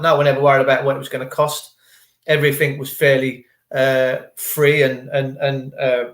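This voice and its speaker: A man ranting to camera in a rambling, indignant flow, throwing out question after question. His voice sits high for a man and rings in a roomy, echoey space. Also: a bit bright. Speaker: vlogger.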